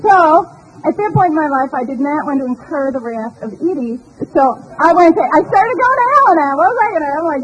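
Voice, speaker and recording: A woman's voice: high-pitched, expressive, fairly quick, heavy background noise. A woman in her sixties telling her recovery story at a meeting, chatty and self-mocking, with many asides. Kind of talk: personal testimony talk.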